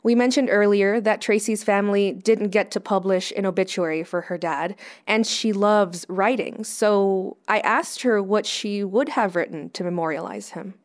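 A woman podcast host talking in a gentle, reflective way, often saying "like". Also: medium pitch, normal speed, hardly any pauses. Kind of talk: conversational podcast talk.

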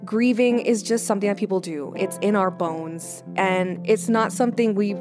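A woman podcast host talking in a gentle, reflective way, often saying "like". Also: mid-range voice, normal speed, over music. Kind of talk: conversational podcast talk.

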